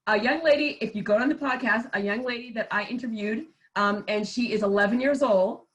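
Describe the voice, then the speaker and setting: A woman's voice: fairly high pitch, brisk, poor audio. A woman hosting an interview over a video call, bubbly and chatty, laughing easily. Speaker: podcast host.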